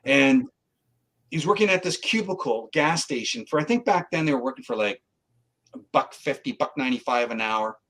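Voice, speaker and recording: A man's voice: mid-range voice, fairly quick, low-quality recording. A middle-aged man from Canada, a guest psychic, telling a story in a casual interview and acting out the voices of the people in it. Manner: animated, acts out quoted voices.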